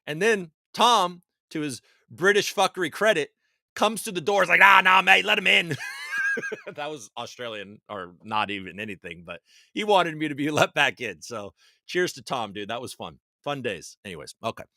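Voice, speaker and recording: A man hosting a casual livestream, reading out viewer comments and chatting loosely with shout-outs. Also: mid-range voice, expressive, normal speed, no echo, studio quality. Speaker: livestream host. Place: home basement.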